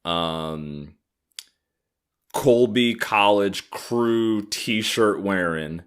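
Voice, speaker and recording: A man in his thirties hosts a comedy podcast, delivering an angry, profane and sarcastic ranting monologue. His voice is lowish and smooth, with drawn-out words.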